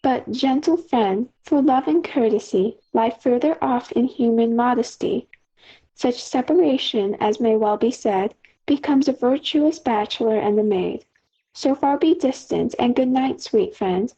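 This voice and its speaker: A teen girl as a modest, gentle young noblewoman. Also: fairly high pitch, measured pace, slightly rough, highs cut off. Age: teens. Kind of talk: school audio play of verse drama.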